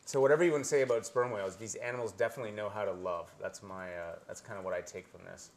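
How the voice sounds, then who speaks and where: A man's voice: on the low side, rapid-fire. A man from Canada giving a live presentation to an audience, earnest and searching, with many restarts.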